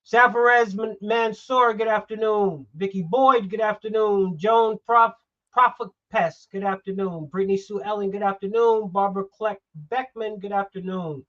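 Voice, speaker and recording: A man's voice: high-pitched, steady tone, moderate pace, a bit bright. Man, middle-aged, heated talk-show host, emphatic, dull lo-fi recording.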